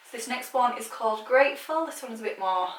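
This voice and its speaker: Slightly high, animated, and a bit fast, a British beauty vlogger talks casually while swatching makeup. Gushing and chatty, she leans on filler words; the echoey room is picked up by a far-off mic.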